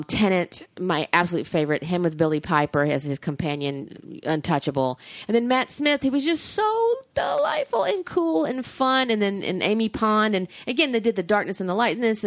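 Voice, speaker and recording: Gushing, low-voiced woman podcaster. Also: dry recording. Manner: gushing, animated, swears freely. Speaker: podcast co-host. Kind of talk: casual chat.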